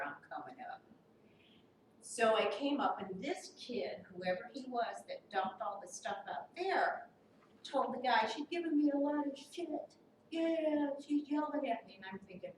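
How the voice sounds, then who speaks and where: A woman on a condo board telling an indignant, animated story at a meeting, acting out both sides of the argument. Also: medium pitch. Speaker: board member. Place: meeting room. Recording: echoey room from far off, with noise.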